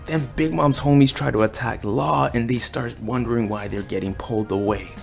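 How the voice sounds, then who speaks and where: A man giving a casual, excited chapter review, talking in slang and acting out the characters' lines. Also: mid-range voice, moderate pace, vocal fry, faint music behind. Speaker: anime and manga reviewer.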